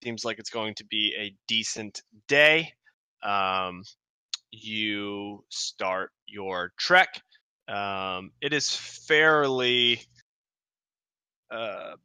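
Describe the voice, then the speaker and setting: A man's voice: fairly low pitch, pushed and bright, smooth, no room sound. A man running a tabletop game as game master, narrating loosely with many fillers. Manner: loose and rambling, many ums and uhs.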